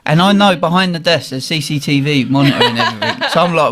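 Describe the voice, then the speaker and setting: Young man, casual storytelling, frequent laughter, slightly higher voice. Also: fairly quick, hardly any pauses. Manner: laughing often, animated anecdote with quoted voices.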